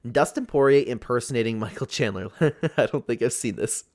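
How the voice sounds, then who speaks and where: A man hosting a casual reaction commentary, excitable and laughing often. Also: mid-range voice, fairly quick. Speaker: host.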